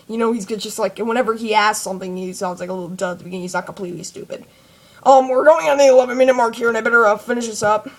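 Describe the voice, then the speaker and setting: A woman's voice: a little high, quick pace. A woman vlogger giving a rambling, casual fan commentary full of fillers. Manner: rambling, chatty, many fillers.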